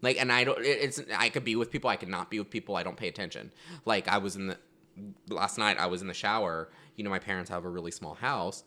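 A man's voice: deep voice, quick pace, pushed and bright. A man chatting as a guest on a podcast, rambling through stories with lots of fillers and self-deprecating asides. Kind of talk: casual chat.

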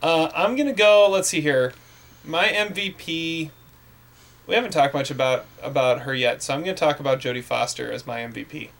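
A man's voice: on the high side, normal speed, gravelly, fairly bright tone. A man hosting a casual movie podcast, rambling with many fillers and restarts. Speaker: podcast host.

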